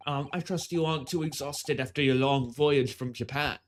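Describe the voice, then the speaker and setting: A man reading game dialogue in a put-on posh British accent, voicing a stiff, pretentious gentleman. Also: mid-range voice, normal speed, natural voice. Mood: pompous.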